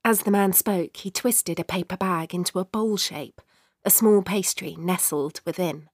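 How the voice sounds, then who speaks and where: A woman narrating a short story in a measured, expressive way. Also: on the low side, breathy edge, no echo, studio quality.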